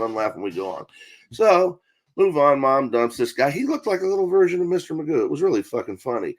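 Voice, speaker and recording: A middle-aged man telling a long comic story on a talk show, swearing freely and acting out quotes in a deadpan way. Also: medium pitch, a little fast. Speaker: comedian guest. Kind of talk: profane storytelling.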